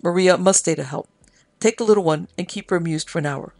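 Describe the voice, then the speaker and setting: A man's voice: high-pitched, quick pace, a little mellow, no echo. A man voicing a bossy, self-important village midwife woman in a story, with curt, commanding lines.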